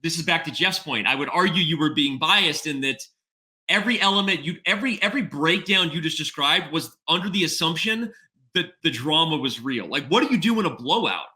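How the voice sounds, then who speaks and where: Middle-aged man as a podcast guest, with a very bright, forceful, tense voice and a fairly high pitch. He talks casually and thinks out loud, tagging his points with "right?" as he goes. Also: animated, fairly quick. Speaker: podcast guest, chess executive.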